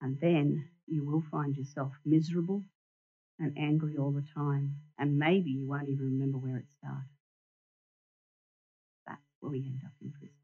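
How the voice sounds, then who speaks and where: A woman giving an animated sermon in a church, asking the congregation questions and showing them props. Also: sits low, normal speed, long pauses, slightly rough. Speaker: church speaker. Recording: dull lo-fi recording.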